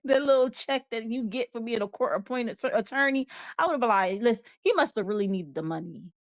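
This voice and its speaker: A woman with a fairly high voice hosts a live online show, recorded with no echo. She chats casually and rambles, laughing often as she reads viewer comments aloud.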